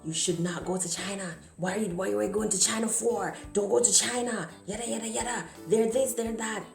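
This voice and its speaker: A woman's voice: medium pitch, steady tone, a little fast, creaky, pitched above the performer's own voice, natural voice. A woman voicing a worried mother who scolds and insists in a slightly raised voice. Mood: scolding. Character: nagging worried mother, middle-aged woman. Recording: echoey room, faint music.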